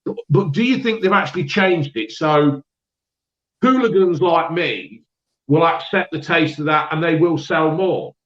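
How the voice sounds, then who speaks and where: A man co-hosting a casual beer livestream, his voice sitting a little high. He chats and keeps asking questions. The sound is roomy and dull, lo-fi. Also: lively intonation, a little slow, a bit bright. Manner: questioning, chatty. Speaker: co-host.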